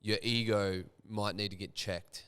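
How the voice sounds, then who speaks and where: A man hosting a podcast, chatting in a relaxed, blokey way and posing hypothetical questions to his guest. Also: lowish voice, measured pace, smooth. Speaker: podcast host. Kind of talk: casual podcast chat.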